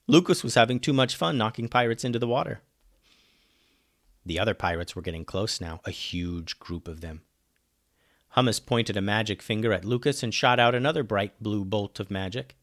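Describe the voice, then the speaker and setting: A man's voice: no echo, studio quality. Man reading a children's adventure story. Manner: lively, dropping low and quiet on narration tags.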